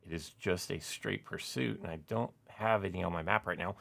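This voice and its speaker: Low creaky-voiced guy rambling through game commentary, lots of likes and uhs. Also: moderate pace, a bit bright. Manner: rambling, full of "like" and "uh" fillers. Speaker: gaming YouTuber. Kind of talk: casual gameplay commentary.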